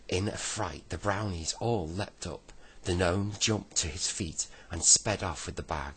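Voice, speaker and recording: Slow, deep-voiced man reading bedtime stories. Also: slightly rough, low-quality recording. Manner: gentle reading with self-corrections. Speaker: storyteller.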